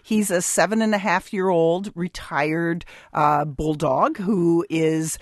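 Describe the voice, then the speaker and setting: Speaking slowly in a voice on the low side, a woman veterinarian guest answers callers on a radio show. She is patient in her explanations but often says um and starts over, and the studio-quality audio carries no room sound.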